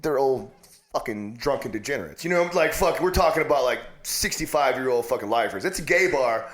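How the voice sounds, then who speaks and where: A man's voice: medium pitch, animated, a little fast, fairly bright tone. A man, a guest on an interview show, telling stories in casual chat with heavy swearing and laughing asides. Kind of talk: casual storytelling. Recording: roomy echo.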